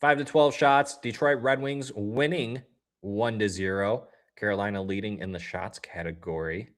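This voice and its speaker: Hosting a relaxed game watch-along stream, this man talks directly to his chat between plays, loose and upbeat, and he jumps up loudly whenever something happens on the ice. His pitch is fairly low, his tone steady, and he speaks at a normal speed.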